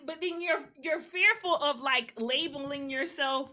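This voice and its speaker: A woman's voice: sits high, unhurried, bright, forceful tone. A woman hosting an interview show, talking in an encouraging, reflective way with frequent affirmations to her guest. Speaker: podcast host. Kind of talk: supportive interview chat.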